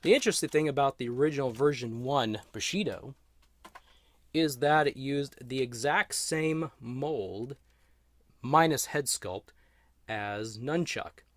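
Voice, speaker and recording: A man's voice: mid-range voice, unhurried. A man giving a chatty, easygoing toy unboxing and review, talking to the camera as he handles the figure. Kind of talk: casual unboxing commentary.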